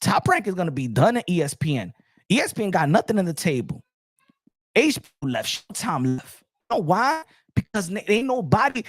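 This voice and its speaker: A man's voice: sits high, sing-song, fairly quick, slightly rough, no room sound. A man hosting a boxing talk show, ranting emphatically and switching between English and Spanish. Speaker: boxing channel host. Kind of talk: animated rant.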